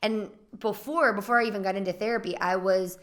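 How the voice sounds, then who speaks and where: A woman's voice: medium pitch, fairly even intonation, brisk, fairly bright tone. Reflective young woman co-host. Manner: reflective, probing questions, many restarts. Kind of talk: candid casual chat.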